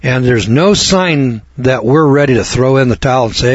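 An American man preaching a sermon, blunt and folksy, repeating his points for weight. His voice is husky and dry, and the recording has a dull, lo-fi sound. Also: mid-range voice, a little fast, hardly any pauses, no echo. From United States.

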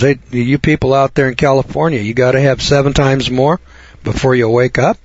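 An older man holds forth on the radio in a folksy, preaching rant, his voice climbing into loud emphatic bursts. The recording is dull and lo-fi, with a close, dry sound. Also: medium pitch, fairly quick, dry recording. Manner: folksy, ranting, rises to loud emphatic peaks. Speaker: radio talk host. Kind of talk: preachy talk radio monologue.

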